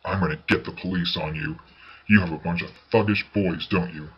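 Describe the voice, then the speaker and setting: A man's voice: low-pitched, fairly even intonation, a little fast, highs cut off. A man reading a storybook voices an angry father who threatens the visitors. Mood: gruff. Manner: gruff, threatening. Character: gruff angry father of the family.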